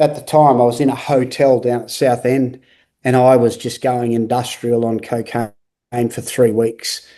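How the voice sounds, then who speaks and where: A middle-aged man from Australia, a guest on a talk show, telling his story in an earnest, halting way with frequent restarts. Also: medium pitch, dark tone. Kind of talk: candid interview talk.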